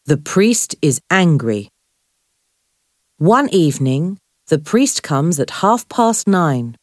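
A woman narrating a simple storybook in a slow, clear, expressive reading. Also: low voice, no room sound, studio quality. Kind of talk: scripted graded-reader narration.

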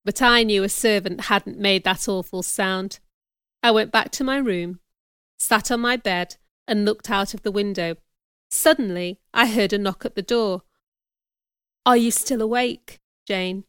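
Woman narrator, bright and crisp, dry close mic, measured audiobook reading. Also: medium pitch, no room sound. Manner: clear, measured storytelling. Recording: dry, close studio recording.

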